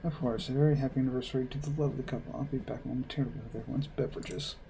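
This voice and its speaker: A man voicing a shy, courteous young male train attendant who speaks softly and a little nervously. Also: mid-range voice, fairly even intonation, rapid-fire, vocal fry, a little hiss or hum, lightly acted. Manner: soft-spoken, courteous, slightly nervous.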